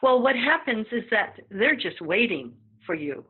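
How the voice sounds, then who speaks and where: A woman's voice: a little high, big pitch swings, unhurried, breathy edge. A woman guest speaking as a psychic medium in a casual chat, talking freely with many fillers and acting out the voices she quotes. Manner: chatty, acts out quoted voices, frequent fillers. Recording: tinny phone-like line.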